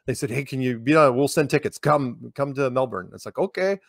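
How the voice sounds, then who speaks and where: American man, mid-pitched voice, rambling anecdotes, lots of restarts, dry sound. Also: fairly quick, creaky, no echo. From United States. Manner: rambling, many restarts and repeated words. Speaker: interviewee. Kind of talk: casual conversational storytelling.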